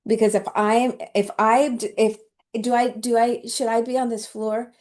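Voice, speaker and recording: A woman's voice: on the high side, level tone, moderate pace, darkish tone. A woman host telling a heartfelt personal story in an emotional, tearful way, often laughing as she talks.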